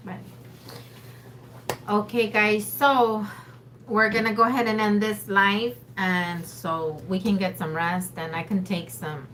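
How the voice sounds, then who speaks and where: A woman's voice: medium pitch, steady tone, slow, a bit bright, slight background noise. A woman co-hosting a casual livestream with a sore throat, chatting directly to viewers. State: sore throat, under the weather. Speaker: livestream co-host.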